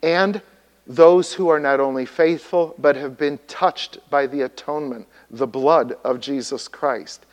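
A man preaching a sermon, teaching in an explanatory way and putting questions to the congregation. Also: medium pitch. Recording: long hall reverb.

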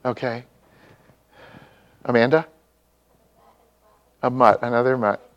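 A man's voice: mid-range voice, fairly even intonation, slow pace, muffled recording. A man preaching a sermon, talking casually and asking his congregation questions. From mixed Dutch and Czech heritage. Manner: conversational, asks the congregation questions. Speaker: pastor.

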